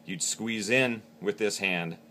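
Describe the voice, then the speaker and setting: A man's voice: fairly low pitch, takes it slowly, very noisy. A man teaching how to use a game call, explaining each step plainly. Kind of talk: hands-on instructional demo.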